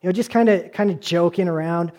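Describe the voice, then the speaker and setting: A man's voice: high voice, brisk, a little mellow. A man in his thirties preaching a sermon in a casual, conversational way, with asides, jokes and rhetorical questions. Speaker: pastor.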